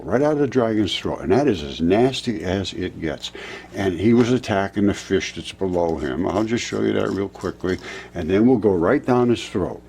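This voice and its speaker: A man in his seventies narrating over a map, insistent, rebutting doubters and jumping up in pitch when pointing things out. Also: darkish tone, breathy edge. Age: 70s. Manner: insistent, rebutting imagined objections. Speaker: presenter of a fringe geology channel.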